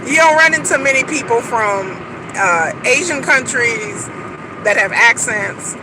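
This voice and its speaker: A woman talks through a reality-show recap in loose, meandering fashion. She leans on "like" and laughs as she goes. A clear wash of vehicle and street noise sits behind her voice. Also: medium pitch. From Texas, USA. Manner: rambling and chatty, heavy "like" fillers, frequent laughs. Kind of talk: casual reality-TV recap commentary.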